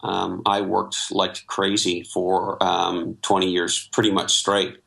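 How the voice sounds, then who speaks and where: Interview guest: middle-aged Canadian-born man, lowish voice, reflective storyteller, lots of ums. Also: monotone, slow pace, gravelly, fairly bright tone. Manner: reflective storytelling with many fillers. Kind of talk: interview conversation.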